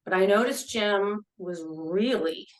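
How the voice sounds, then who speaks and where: A woman's voice: medium pitch, slow pace, rough recording. A woman guest on a podcast, telling a personal story in an earnest, emotional way, often restarting and repeating words.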